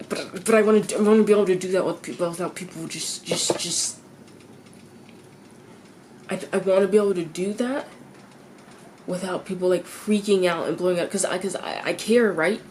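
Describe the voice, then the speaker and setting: Teenage girl, confessional vlog, low-pitched voice, halting and repetitive, swears freely, faint background hum. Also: fairly even intonation, a little mellow. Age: teens. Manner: halting, repeats herself, restarts sentences; swears freely, voice jumps high when exasperated.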